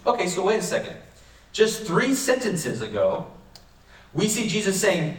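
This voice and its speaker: A man's voice: high-pitched, wildly swooping pitch, unhurried, long pauses. A man pastor preaching a sermon in a conversational way, often asking rhetorical questions, in a church hall. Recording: echoey room, mic far off.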